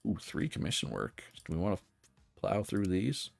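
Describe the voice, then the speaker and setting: A man's voice: low voice, sing-song, moderate pace, creaky, soft background music. A man streaming a management game, chatting casually and thinking aloud with many fillers and restarts. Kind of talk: casual gameplay commentary.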